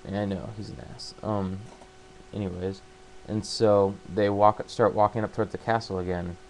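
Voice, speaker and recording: Man with a low, even delivery, casually retelling a story; stumbles and restarts often. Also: a little hiss or hum, low-quality recording. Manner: halting, full of fillers and restarts. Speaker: book summarizer. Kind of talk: casual spoken plot retelling.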